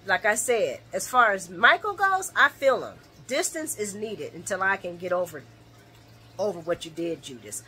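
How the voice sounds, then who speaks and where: Woman host, casual recap vlog, animated delivery, breathy and bright tone. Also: mid-range voice, normal speed. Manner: animated, laughs often, acts out characters' lines. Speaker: soap opera recap host.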